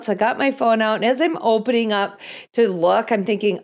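A woman's voice: fairly high pitch, lively intonation, fairly quick. A middle-aged woman hosts a podcast and tells her own story. She is wry and self-deprecating as she builds toward a lesson from Scripture. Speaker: podcast host. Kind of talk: storytelling podcast with Bible teaching.

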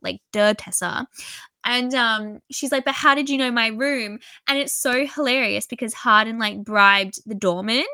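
A young woman chatting casually about a story, animated and exasperated, saying "like" a lot. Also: on the high side, normal speed, hardly any pauses, dry recording. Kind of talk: casual book discussion chat.

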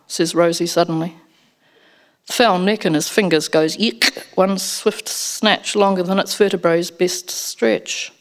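A woman narrating a first-person story as an audiobook, in an expressive storytelling manner. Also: fairly low pitch, unhurried.

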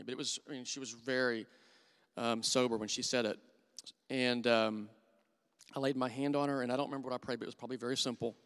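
In a church hall where the sound lingers in a long reverb, a middle-aged man preaches earnestly, weaving in stories from his own life with warm conviction. His mid-range voice is smooth and resonant, and it softens to a hush whenever he voices quoted thoughts.

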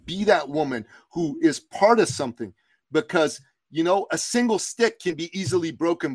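A man's voice: on the high side, dry recording. A man from Iran, a business coach and podcast guest, telling motivational stories in an emphatic, slogan-driven way. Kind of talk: motivational podcast interview storytelling.

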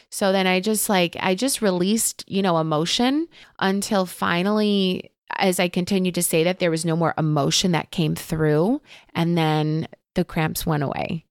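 A woman teaching about Akashic Records in a casual interview, talking gently and openly, telling stories with many fillers. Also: lowish voice, steady tone, moderate pace, smooth, dry recording, studio quality. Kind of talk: casual spiritual chat.

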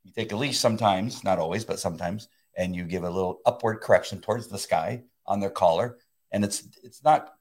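A man in his fifties co-hosting a casual faith chat, excitable and laughing often, often restarting mid-sentence. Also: low voice, fairly quick. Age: 50s. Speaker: co-host.

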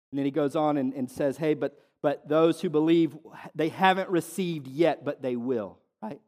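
A man preaching as a pastor, in earnest and restarting often, slowing down and dropping soft on quoted verses. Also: a little high. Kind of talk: sermon. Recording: long reverb of a church hall.

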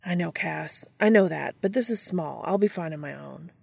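A woman reading the part of a restless male monster hunter who talks in a hurried, defensive way. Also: low voice, animated, gravelly, darkish tone, husky, dry recording, studio quality, heavily acted.

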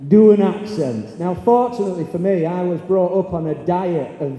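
Male teacher in his forties, high light voice with a mellow dark tone, lively storyteller, recorded in an echoey hall. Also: fairly quick. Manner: animated, acts out pupils' voices. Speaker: teacher giving a talk. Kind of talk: storytelling speech on stage. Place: large hall or stage. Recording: echoey hall, long reverb.

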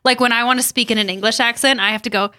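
A woman hosting a podcast in casual chat, playful and quick with jokes and laughs, on a close, dry mic. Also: on the high side, steady tone, pushed and bright, dry recording. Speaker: podcast host.

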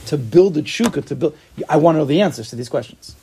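Fast, gravelly-voiced man teaching a class. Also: on the high side. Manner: animated, acts out little dialogues and asks rhetorical questions. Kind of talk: casual Torah class teaching.

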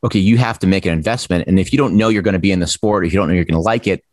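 A man's voice: deep voice, very fast, dry recording, studio quality. A man talking casually as a podcast guest, reflective and storytelling. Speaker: podcast guest, former triathlon magazine editor. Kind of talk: casual conversation.

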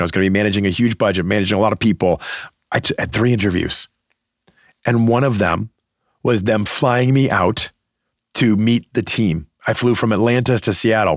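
On studio-quality audio with no room sound, a podcast host from the Boston area gives career advice. The middle-aged man has a lowish voice and speaks emphatically and conversationally, doing impressions of the people he quotes.

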